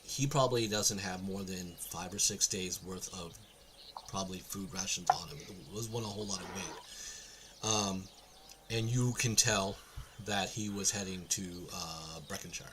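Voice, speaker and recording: A man narrating a tabletop game as game master over a voice call, relaxed and halting, with many fillers. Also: low-pitched, slight background noise. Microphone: online voice call mic.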